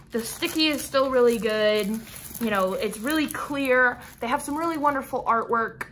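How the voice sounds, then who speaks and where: Bright-voiced frustrated woman vlogger. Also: fairly high pitch, slow pace, a little hiss or hum. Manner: frustrated, sighing, rambling with restarts. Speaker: crafting vlogger. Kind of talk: casual unboxing vlog.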